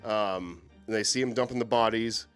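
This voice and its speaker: A man co-hosting a casual chat about horror movies, animated and swearing freely. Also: lowish voice, normal speed, clean tone, faint music behind. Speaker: co-host.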